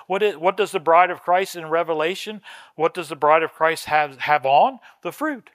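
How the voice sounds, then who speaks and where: A man preaching a sermon as pastor, telling a story with swings from soft asides to loud emphatic lines. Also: on the high side, normal speed, dry recording, clean studio sound. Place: church sanctuary.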